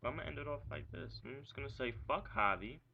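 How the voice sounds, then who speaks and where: In a rambling, agitated vlog, a young adult man vents about his ex-girlfriend, swearing often, leaning on "like," and firing off rhetorical questions. His mid-range voice is gravelly and his pace quick. Faint hiss runs under the dull, lo-fi webcam sound.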